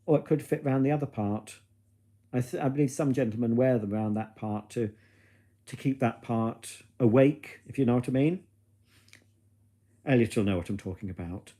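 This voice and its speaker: A man's voice: medium pitch, moderate pace, pauses often, warm tone. A man hosting a casual live stream at home, chatting to viewers in a camp, cheeky, gossipy way full of innuendo. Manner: chatty and gossipy, musing aloud. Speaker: livestream host reading viewer comments. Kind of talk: casual chat to a live audience.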